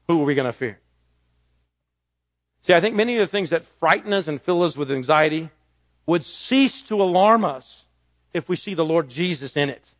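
Male pastor mid-sermon with a high voice; punchy declarations and hushed asides, dull close recording. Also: no echo. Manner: emphatic preaching, swinging between ringing declarations and soft low asides.

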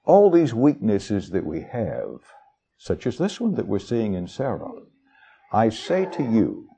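A man's voice: lowish voice, huge pitch swings, measured pace, creaky, mellow, breathy edge. A man preaching a sermon, reading scripture verses aloud and explaining them in a folksy, conversational way with asides to the congregation. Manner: reads verses aloud with shifting dramatic emphasis.

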